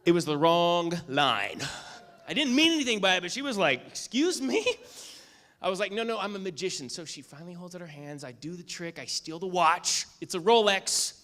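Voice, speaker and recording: A man giving a motivational keynote speech, telling a story with lively acted-out lines and asking the audience "okay?" and "right?" again and again. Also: high-pitched, fairly quick. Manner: animated storyteller, acts out lines, asks "okay?" and "right?" often. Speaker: keynote speaker and magician.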